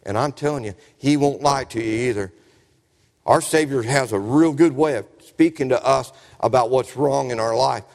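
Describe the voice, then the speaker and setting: A man's voice: mid-range voice, normal speed, gravelly, darkish tone. A man preaching a sermon in a folksy, storytelling way, often asking the congregation questions. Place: church sanctuary. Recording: reverberant church hall.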